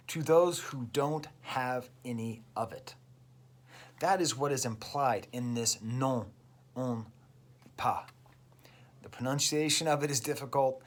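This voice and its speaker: A man, a French teacher, enthusiastically explaining song lyrics step by step in a casual video lesson. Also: mid-range voice. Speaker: French teacher and music reviewer.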